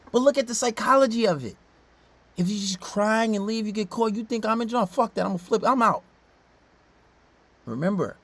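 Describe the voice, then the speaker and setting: A man giving casual reaction commentary, blunt and profane, swinging from low mutters to loud outbursts. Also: gravelly, slightly rough.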